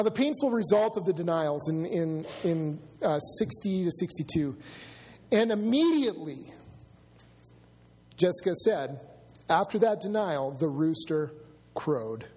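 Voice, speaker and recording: Pastor guy with a high raspy voice, chatty sermon, big echoey church hall. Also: darkish tone. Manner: conversational preaching with asides to the congregation. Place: church sanctuary.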